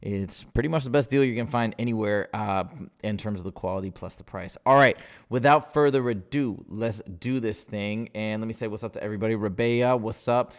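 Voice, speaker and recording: A man's voice: fairly low pitch, brisk. A man, tutoring math as he works through a timed test, casual and upbeat, thinking aloud. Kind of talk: live-streamed test walkthrough.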